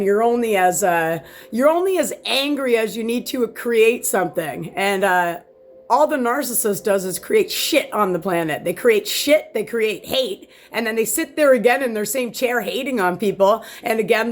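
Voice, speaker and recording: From her home, a woman vlogs a casual, heated rant, rambling, swearing, and restarting often, with a sore back. Her voice is medium in pitch, and the camera sits far back in the room.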